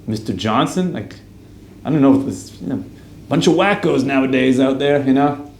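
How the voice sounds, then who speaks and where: A man's voice: moderate pace, creaky, a little mellow, lightly acted. A man voicing an indignant suburban husband who shoos off a stranger at his door, telling it as a story. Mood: dismissive. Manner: high, outraged, brushing off a stranger. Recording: roomy echo, faint room noise.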